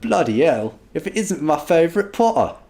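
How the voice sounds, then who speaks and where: A man's voice: a little high, very animated, moderate pace, gravelly, faint music behind, voice pushed up. Ron, a man doing a hammy joking wizard. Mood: jovial. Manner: loud, hammy and playful.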